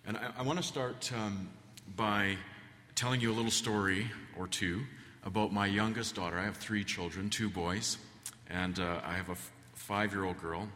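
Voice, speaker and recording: Low-voiced man preaching in echoing church. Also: fairly even intonation, moderate pace, pushed and bright. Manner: folksy, rambling, many fillers. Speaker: guest preacher. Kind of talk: sermon with storytelling. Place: church sanctuary. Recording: long church reverb.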